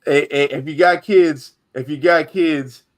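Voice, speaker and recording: A man's voice: on the high side, fairly even intonation, unhurried. A man hosting a casual chat, reacting to a video with slang and frequent laughter. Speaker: host.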